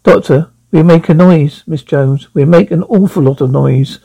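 A man's voice: a little high, normal speed, creaky, warm tone, husky, rough recording. The Doctor, read by a man, eager and resourceful. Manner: eager, stumbling over words. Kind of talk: script read aloud.

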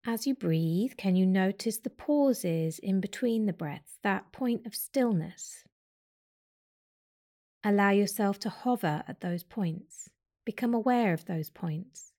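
Gentle woman guiding a breathing practice. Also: medium pitch, lively intonation. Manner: slow, gentle guiding instructions. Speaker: yoga teacher. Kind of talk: guided breathing meditation.

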